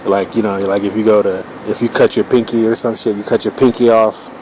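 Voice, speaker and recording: A man's voice: lowish voice, level tone, brisk, noisy background. A man in his forties riffing through a loose, profane comedic monologue while he draws cartoons, full of "you know" fillers. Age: 40s. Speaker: streamer drawing cartoons.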